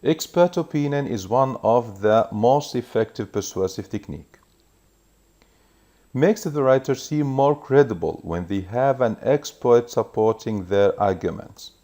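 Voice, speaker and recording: A man teaching a recorded revision lesson, explaining each point in a measured way and reading examples aloud. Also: mid-range voice, animated, dark tone.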